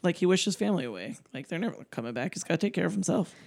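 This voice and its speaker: Low-voiced woman chiming in casually. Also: lively intonation, rapid-fire, gravelly, darkish tone, slightly rough, dry recording, studio quality. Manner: casual, chiming in with jokes and asides. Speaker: podcast co-host. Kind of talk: casual chat.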